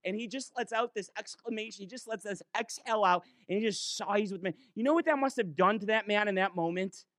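A man preaching a sermon in church, impassioned, swinging between quick urging runs and slow, drawn-out emphasis. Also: high voice, a bit bright, no room sound, studio quality.

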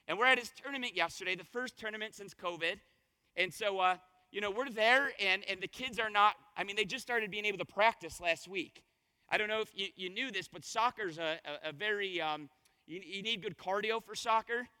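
A man preaching a conversational sermon as pastor, his voice a little hoarse, telling stories and asking the congregation questions. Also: sits high, fairly quick, sharp tone, big-room sound. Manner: conversational, storytelling with rhetorical questions. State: slightly hoarse voice.

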